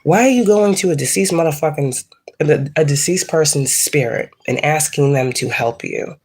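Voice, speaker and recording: Low-voiced, blunt, profane woman reader. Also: expressive, normal speed, darkish tone, breathy edge. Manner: blunt, heavily profane, scolding. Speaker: psychic tarot reader. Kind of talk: casual spiritual reading rant.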